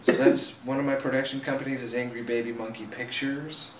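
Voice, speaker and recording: An actor and director sits in as an interview guest, chatting eagerly and plugging his own work at every chance. His mid-range voice is flat and fairly quick. The room echoes, the mic is distant, and there's faint ambient noise.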